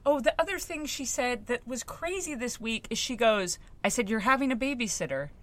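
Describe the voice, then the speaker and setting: A woman's voice: on the high side, brisk. A woman in her thirties chatting casually, telling stories and acting out the quotes with changing voices. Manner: animated storyteller, acts out quotes. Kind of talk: casual chat.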